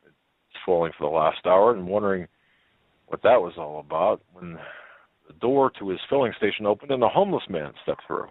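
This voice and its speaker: Low-voiced man reading a story over a phone. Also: no room sound. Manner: halting, many fillers and restarts. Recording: tinny phone-like line.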